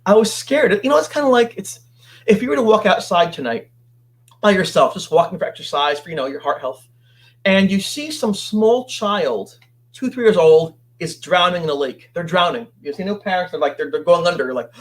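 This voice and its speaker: A man telling his story as a guest on an interview show, animated and acting out what others said. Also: high-pitched, moderate pace. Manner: animated, acts out quoted voices.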